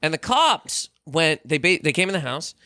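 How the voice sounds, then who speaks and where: Male comedian guest, bright high voice, lively delivery, dry close mic. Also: normal speed, smooth, dry recording. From Canada. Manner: animated, swearing, acts out quotes. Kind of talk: casual storytelling.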